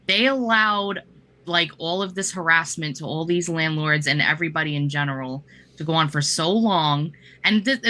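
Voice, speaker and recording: A woman with a low, bright voice talking casually as a co-host. She comments with an opinionated, indignant edge. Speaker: show co-host. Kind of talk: casual live show chat.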